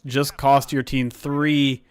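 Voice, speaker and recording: A man hosts a livestream, calling plays from a simulated football game in a loose, chatty way. His voice sits at an ordinary middle pitch, and he breaks into loud, excited outbursts when something goes wrong. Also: slow. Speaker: livestream host. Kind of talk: casual play-by-play and chat.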